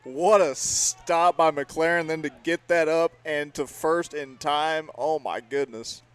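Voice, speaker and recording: Smooth-voiced baseball color commentator. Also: male voice, a little high, steady tone, slow pace, fairly bright tone. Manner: chatty, laughing reactions.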